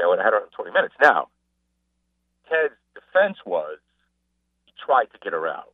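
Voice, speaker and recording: A man chatting casually as a guest on a radio show, an animated storyteller who mimics the people he describes. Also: lowish voice, dry recording. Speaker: sports broadcaster and guest. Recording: phone line.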